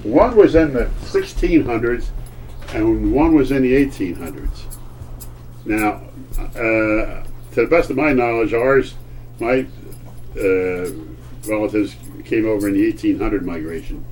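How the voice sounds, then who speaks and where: An older man, a grandfather, telling family history in a halting way, often searching for words and repeating himself. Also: fairly low pitch, lively intonation, a little mellow. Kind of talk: casual storytelling at home. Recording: distant old home recording with faint hiss.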